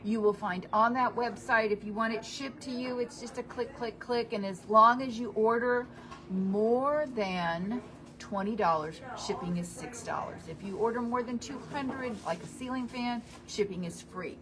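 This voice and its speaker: A woman's voice: a little high, normal speed, crowd noise. A middle-aged woman, hosting a home-advice radio show in a chatty, practical, down-to-earth way. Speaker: hardware store radio show host.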